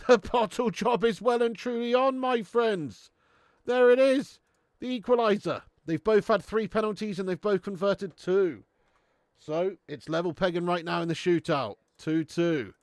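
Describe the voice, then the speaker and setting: Man, high voice, dry close mic, laddish live football watch-along, swearing, banter. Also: a little slow, dry recording. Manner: swearing, laddish banter, bursts of shouting and laughter.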